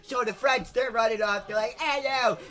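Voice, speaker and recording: A man's voice: very high voice, steady tone, fairly quick, bright, forceful tone. A young man narrating history as a crude, rambling comedy bit, mocking and swearing as he goes. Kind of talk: comic history explainer.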